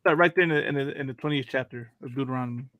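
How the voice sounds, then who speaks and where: A man's voice: medium pitch, very fast, a bit bright, no room sound, lo-fi sound. A man hosting a casual religious talk show, loose and chatty, often laughing and asking "you know what I mean". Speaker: radio show host.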